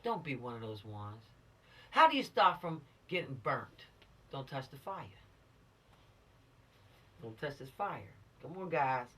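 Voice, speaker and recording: A woman instructor lectures teenagers on the law, addressing them directly and urging them to stay out of trouble. Her voice is rumbling low and husky, unhurried with frequent pauses, and her manner is lively and showy. She sounds recorded from a distance.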